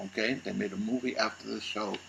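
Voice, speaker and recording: A man's voice: fairly low pitch, fairly even intonation, quick pace, creaky, a bit bright, low-quality recording. A man co-hosting a casual chat, speaking emphatically with repeated words and laughter. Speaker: co-host.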